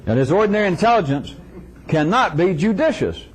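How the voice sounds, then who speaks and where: A man's voice: high voice, big pitch swings, fairly quick, rough recording. A man giving an informal philosophical lecture to a live audience, wry and chuckling, acting out little dialogues in shifting voices.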